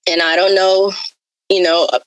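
A woman's voice: lowish voice, little pitch movement, moderate pace, fairly bright tone, no echo, poor audio. Earnest woman telling her life story. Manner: earnest, repetitive, with many fillers; openly spiritual. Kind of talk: heartfelt personal testimony.

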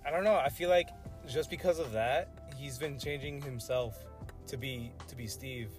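A man's voice: mid-range voice, normal speed, soft background music. Laid-back young man, hesitant chat. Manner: laid-back, hesitant, lots of "like" and "I don't know". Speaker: podcast co-host. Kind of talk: casual chat.

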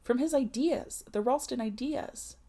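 A woman's voice: a little high, unhurried, warm tone, pitched above the performer's own voice. A woman reading a novel aloud, voicing a defiant, distraught young unmarried woman who pleads in anguish. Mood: weary.

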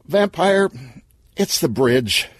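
A man's voice: a little high, expressive, takes it slowly, no room sound, voice pushed up. A man voicing a panicky, clumsy young gamer in an audio story, frantic and pleading. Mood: panicked.

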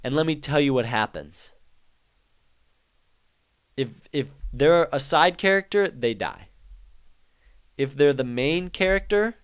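A young man talks through his solo podcast at an unhurried pace, his voice smooth and clean. He rambles, jokes and slides into half-serious rants as he goes. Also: medium pitch. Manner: rambling, joking, ranting. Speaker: podcast host. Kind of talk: casual solo monologue.

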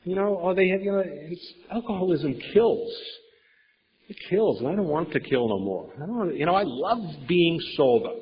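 A man's voice: high-pitched, lively intonation, moderate pace, long reverb tail. Rambling man sharing at a meeting. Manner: rambling, emphatic, repeats words, swears casually. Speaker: speaker at a recovery meeting. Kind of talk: personal recovery share. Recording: dull lo-fi recording.

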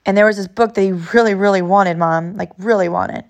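A woman's voice: mid-range voice, steady tone, a little fast. Thirtysomething woman from california, podcast host, earnest heartfelt storytelling, keeps repeating herself. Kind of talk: personal storytelling monologue.

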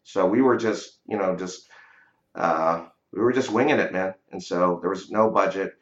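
A man with a somewhat low voice recounts his experiences in a relaxed, conversational way, often checking in with "right?". The recording is dull and lo-fi, with noticeable room echo around him. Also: moderate pace. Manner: conversational, frequent "you know" and "right?". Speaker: real estate investor guest. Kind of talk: casual storytelling interview. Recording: dull lo-fi audio in a roomy space.

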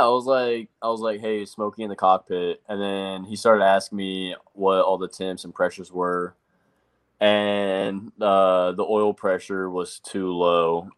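Young man, low voice, rambling storyteller. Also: clear, resonant tone. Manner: rambling, quotes himself with lots of "like". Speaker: race truck driver guest. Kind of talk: casual interview storytelling.

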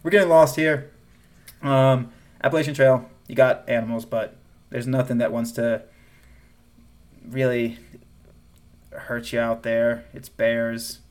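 A Southern-accented man co-hosting a casual podcast. He talks in an animated way, laughs often, and trails off and restarts as he goes. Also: mid-range voice, unhurried, long pauses. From American South. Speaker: podcast co-host. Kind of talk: casual chat.

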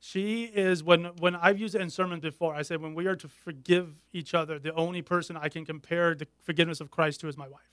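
A middle-aged man speaking as a guest in a candid interview, earnest and halting, often restarting his sentences. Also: fairly high pitch, fairly even intonation, fairly bright tone, smooth, dry recording, studio quality.

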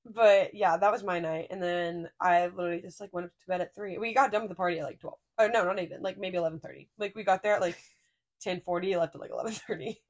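A woman's voice: lowish voice, fairly even intonation, fast. A young adult woman co-hosting a podcast, telling stories in a casual, rambling way full of fillers and laughter. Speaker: podcast co-host. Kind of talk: casual chat.

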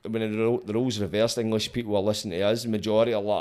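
A man's voice: on the low side, flat delivery, very fast, a little mellow. A young Scottish man hosting a podcast, chatting in a laid-back, sweary way. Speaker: podcast host. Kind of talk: casual podcast chat.

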